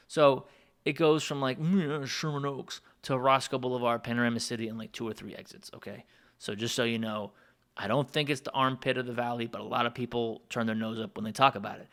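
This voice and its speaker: A man's voice: medium pitch, a bit bright. A man telling a long personal story in a casual monologue, rambling and digressive, with asides to his listeners. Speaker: music producer and channel host.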